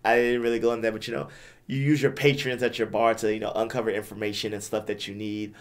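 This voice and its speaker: A young podcast co-host, just back from a gaming convention, chats casually, rambling and often stumbling over and repeating his words. His voice is fairly low in pitch, level in tone, and fast.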